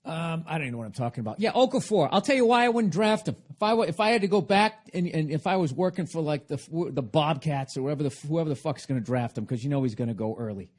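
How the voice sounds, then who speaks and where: A man on a podcast delivers a sarcastic, profane comedic monologue that wanders from point to point. His voice sits slightly higher than most men's. He mocks himself and the people he talks about. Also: expressive, fast talker, hardly any pauses. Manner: profane, rambling rant with constant swearing; sarcastic, self-mocking. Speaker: podcast host.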